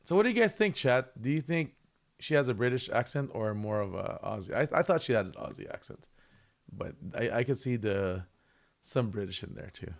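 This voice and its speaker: A man's voice: mid-range voice, lively intonation, brisk, gravelly. A man hosting a music livestream, chatting casually and talking to his viewers in a friendly way. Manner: friendly, chatty, addresses the chat. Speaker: livestream host.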